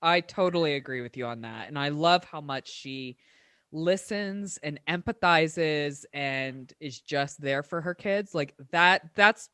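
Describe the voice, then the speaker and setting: A woman's voice: low-pitched, a little slow, bright, forceful tone, smooth, no echo. Woman, co-host, casual chat, agreeable, sweary, dry close mic. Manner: agreeable, laughs often, blunt and sweary. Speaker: podcast co-host.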